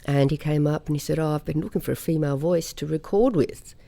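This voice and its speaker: Chatty Australian-raised woman with a gravelly, mellow voice. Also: low voice. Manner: chatty storyteller, quick to laugh. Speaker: singer, interview guest. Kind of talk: casual interview chat.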